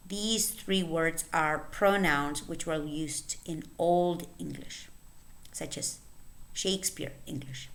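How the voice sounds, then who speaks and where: A woman teaching English pronunciation, reading word lists aloud with careful, clear enunciation and pauses between words. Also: on the low side, fairly bright tone. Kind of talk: slow, deliberate word-list reading for learners.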